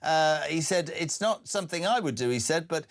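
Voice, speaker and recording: A man's voice: a little high, expressive, moderate pace. An older man hosting a breakfast radio talk show, blunt and sardonic, with frequent fillers. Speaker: radio host.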